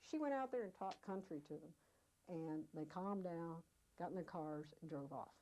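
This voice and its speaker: Low, mellow-voiced woman telling a story. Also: normal speed, a little hiss or hum, rough recording. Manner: vivid storyteller, acts out quoted speech. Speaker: oral history interviewee. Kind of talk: storytelling recollection.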